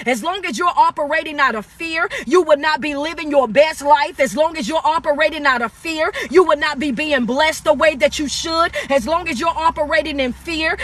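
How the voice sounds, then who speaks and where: A man's voice: very high voice, fairly bright tone. A man, giving a live-stream motivational talk, preachy and repetitive, calling listeners "baby" and asking them to talk back. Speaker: motivational speaker.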